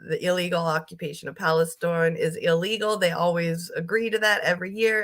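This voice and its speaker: Woman host, lowish voice, casual blunt reaction talk. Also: fairly bright tone. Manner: blunt, profane, laughing asides.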